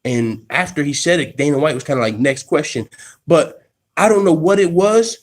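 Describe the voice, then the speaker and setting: Streaming live from his workplace, an MMA channel host tells a story casually in profane slang, his voice a little high and fairly quick. He restarts sentences as his excitement builds.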